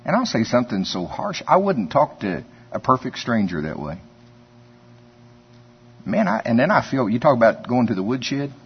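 Man preaching, husky and homey, on a dull lo-fi recording. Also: mid-range voice, big pitch swings, normal speed. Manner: conversational storytelling, chuckles often. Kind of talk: folksy sermon.

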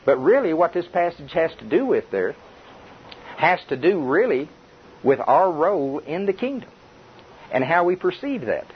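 A man's voice: fairly high pitch, big pitch swings, moderate pace, long pauses. An older man preaching a chuckling, conversational sermon to a congregation. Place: church before a congregation. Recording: dull lo-fi tape with faint hiss.

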